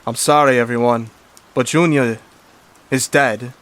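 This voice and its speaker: British accent, man doing cartoon doctor, grave, formal, somewhat loud. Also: mid-range voice, fairly even intonation, measured pace, natural voice.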